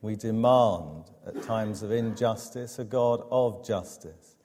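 A man preaching a sermon, measured and emphatic, with dramatic pauses. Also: lowish voice, mellow, slight background noise. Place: church. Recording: long church reverb.

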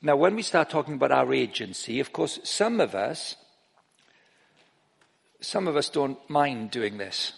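A middle-aged man preaching an informal sermon, breaking off and restarting his sentences and growing animated as he tells stories. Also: medium pitch, unhurried, vocal fry, pauses often, breathy edge. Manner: informal, self-interrupting, grows animated while telling stories. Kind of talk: sermon with anecdotes. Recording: long reverb of a large hall.

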